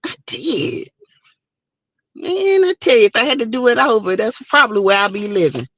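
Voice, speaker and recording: A woman's voice: on the high side, lively intonation, normal speed, dry recording, lo-fi sound. A woman hosting a casual morning livestream, chatting and greeting viewers by name. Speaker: livestream host. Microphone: streaming setup mic.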